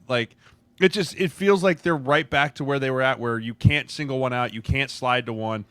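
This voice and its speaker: A man's voice: medium pitch, moderate pace, a bit bright, clear, resonant tone, no room sound. Male college line coach on a podcast, dry close mic, explanatory chat. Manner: explanatory, keeps asking "right?". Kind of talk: casual sports chat.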